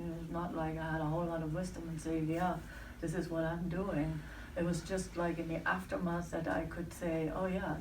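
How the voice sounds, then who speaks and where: A woman telling a personal story to an audience in a reflective way, pausing to search for words. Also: lowish voice, echoey room, distant mic, slight background noise, low-quality recording.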